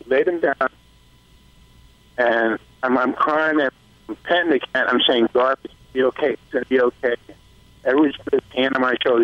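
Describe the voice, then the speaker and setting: A man's voice: mid-range voice, steady tone, no echo. A man calls in to a radio show and tells a heartfelt story, stopping and restarting as he goes. His voice comes through a dull, lo-fi line. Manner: emotional, halting storytelling. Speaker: caller. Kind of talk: phone call telling a story.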